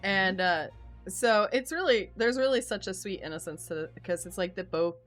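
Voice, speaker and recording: A woman's voice: medium pitch, animated, normal speed, faint music behind. A woman author hosting a casual live-stream book chat, chatty and laughing often, with casual swearing. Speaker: author and host.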